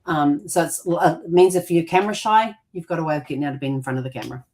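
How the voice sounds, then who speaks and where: Woman with a lowish voice, rambling chat. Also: quick pace, darkish tone. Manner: rambling, with many fillers and restarts. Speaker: co-host. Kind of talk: casual conversational explanation.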